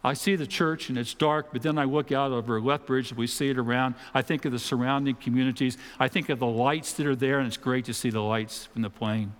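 A man preaching a sermon in a church auditorium, talking in a conversational way with dramatic pauses and the odd mock voice. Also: medium pitch, fairly even intonation, big-room sound. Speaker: pastor.

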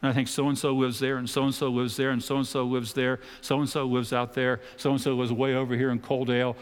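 A man preaching a sermon in a church auditorium, talking in a conversational way with dramatic pauses and the odd mock voice. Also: medium pitch, level tone, clean tone, big-room sound. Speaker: pastor.

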